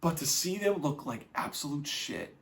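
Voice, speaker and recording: High-voiced ranting sports podcast host. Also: male voice, normal speed, vocal fry. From New England, United States. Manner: animated, mocking, profane rants. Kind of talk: casual sports commentary.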